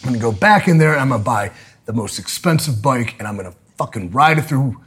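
A man telling a profane, angry comedic story, swearing and bursting into loud outbursts. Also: medium pitch, expressive, fast, slightly rough. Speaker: podcast guest telling a story.

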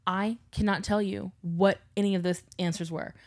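A young woman co-hosting a podcast, chatting casually and telling animated stories, acting out the people she quotes and swearing freely. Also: medium pitch, moderate pace. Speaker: podcast co-host. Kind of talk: casual chat.

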